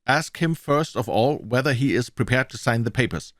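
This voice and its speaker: A man's voice: medium pitch, animated, moderate pace, no echo, studio quality, natural voice. A man with a German accent voicing a sinister, giggling older male kidnapper who threatens his captive. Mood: menacing. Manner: menacing, sneering threats.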